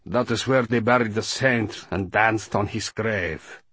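An audiobook narrator voicing a patient, guarded male translator with a measured, level delivery. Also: fairly low pitch, a bit bright, breathy edge, no echo. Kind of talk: audiobook character voice.

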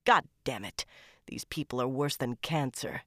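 A tired, bitter male FBI profiler from a crime novel, middle-aged and grim, put on by a woman narrator. He keeps his voice low and his words clipped, half muttering. The reading is close and dry. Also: a little slow, pushed and bright, no room sound, exaggerated voice.

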